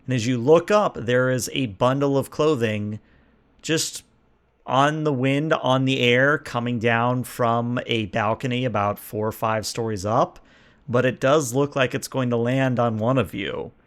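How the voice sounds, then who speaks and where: Man, game master, lively playful narration, middle-pitched voice. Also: measured pace. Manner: lively, playful, laughs often.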